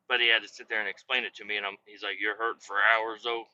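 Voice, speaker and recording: Bright-voiced man telling a profane story. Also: fairly low pitch, quick pace, hardly any pauses. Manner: profane, animated, quotes others in his own voice. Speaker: podcast host. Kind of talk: casual storytelling monologue. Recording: slightly dull, faint road noise.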